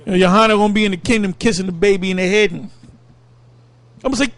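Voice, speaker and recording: High-voiced emphatic male preacher. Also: rapid-fire, long pauses, no room sound. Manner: animated, emphatic, laughs between points. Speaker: Bible study leader. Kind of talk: fiery preaching commentary.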